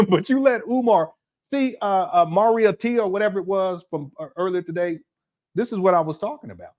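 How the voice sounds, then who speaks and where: A man's voice: high-pitched, brisk, darkish tone. A man hosting a livestream, commenting casually and mockingly while laughing often. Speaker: livestream host.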